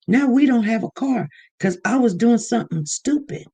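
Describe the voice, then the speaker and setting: A woman giving casual commentary on a vlog, animated and repeating herself as she mimics other people. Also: a little high, moderate pace. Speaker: online news commentator.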